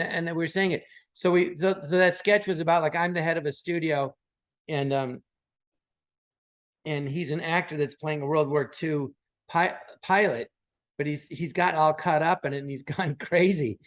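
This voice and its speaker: A man in his sixties, a podcast guest, telling anecdotes casually and acting out the people he quotes. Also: a little high. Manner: animated, acts out quoted voices.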